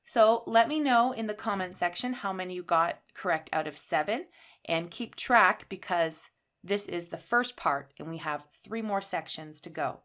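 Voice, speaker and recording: A woman from Canada teaching an English grammar lesson, speaking slowly and clearly and stressing key words. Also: fairly low pitch, expressive, fairly bright tone.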